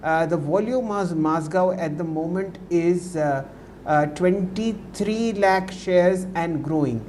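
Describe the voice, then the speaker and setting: A man with an Indian English accent hosting a live stock market show, talking with many drawn-out fillers. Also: high voice, a little mellow, slight background noise.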